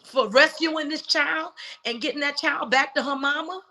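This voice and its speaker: Woman guest, higher and bright voice, heartfelt storytelling. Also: normal speed. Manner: emotional, acts out quoted dialogue. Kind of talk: personal storytelling in a talk show.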